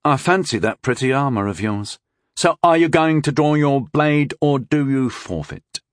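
A man's voice: medium pitch, normal speed, no room sound, clean studio sound, close to an everyday voice. A man playing a self-assured young swordsman-mage with an easy, teasing manner. The delivery stays near the reader's natural voice in this storybook duel. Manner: relaxed, teasing. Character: confident easygoing young male swordsman-mage.

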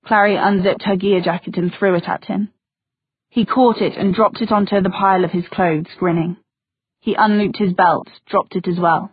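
A woman reads a novel aloud in a soft, intimate way, her voice husky and breathy. The audio is tinny and phone-like, and completely dry. Her pitch sits in a middle range. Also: fairly even intonation, moderate pace, no echo. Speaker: audiobook narrator. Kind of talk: scripted narration.

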